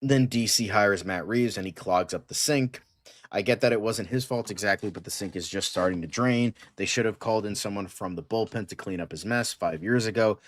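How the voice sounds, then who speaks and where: A man's voice: on the low side, brisk. A man co-hosting a casual chat show, talking bluntly with plenty of swearing and joking. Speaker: podcast co-host.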